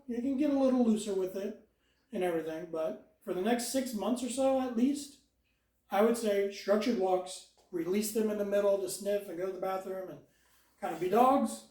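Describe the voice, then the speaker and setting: A dog trainer giving calm instructions while walking a dog, mixing explanations with short praise and commands. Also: mid-range voice. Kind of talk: hands-on dog training lesson. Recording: roomy sound, mic far off.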